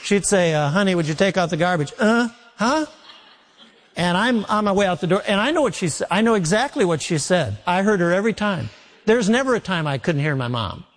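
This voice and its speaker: Folksy preacher in a reverberant hall. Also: male voice, high voice, animated, fairly quick. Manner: folksy storytelling, repeats phrases for emphasis. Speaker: pastor. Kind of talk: sermon. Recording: long reverb of a large hall.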